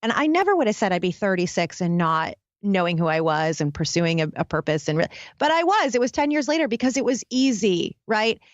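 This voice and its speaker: A woman guest, a happiness expert, tells a dramatic personal story in a candid interview, speaking intensely and directly to listeners. Her mid-range voice is sing-song and fairly quick with few pauses, and the audio is dull with no echo.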